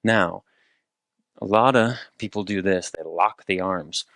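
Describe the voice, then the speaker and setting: A man leading a guided movement and rehab exercise session, cueing each step calmly with playful asides. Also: low-pitched, measured pace, dry recording.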